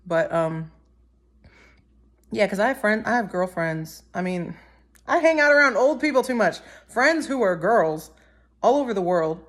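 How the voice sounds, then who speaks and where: A woman's voice: medium pitch, animated, measured pace, pauses often, fairly bright tone. A teenage girl and singer-songwriter chatting casually, rambling and often correcting herself mid-sentence. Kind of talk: casual chat.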